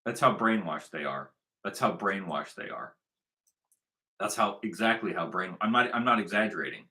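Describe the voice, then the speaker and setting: Guy ranting hard, repeats himself a lot, bright tense voice that swings all over. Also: deep voice, animated, moderate pace. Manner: repetitive, emphatic, combative. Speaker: online commentator. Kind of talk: ranting commentary monologue.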